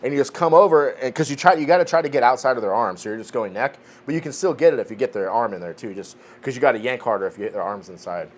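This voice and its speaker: A man's voice: mid-range voice, quick pace, hardly any pauses. A man in his forties, a podcast co-host telling a training story in a casual chat, swearing freely and restarting his sentences. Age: 40s.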